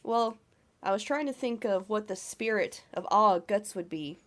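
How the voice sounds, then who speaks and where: A woman's voice: medium pitch, moderate pace. Female co-host with a cold, nasal and scratchy, eager and profane. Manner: enthusiastic, swearing. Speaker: podcast co-host. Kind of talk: casual podcast chat.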